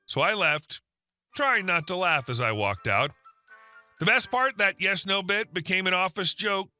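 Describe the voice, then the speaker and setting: A man narrating online stories in a scripted way, with wry deadpan asides. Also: high voice, unhurried, smooth, soft background music.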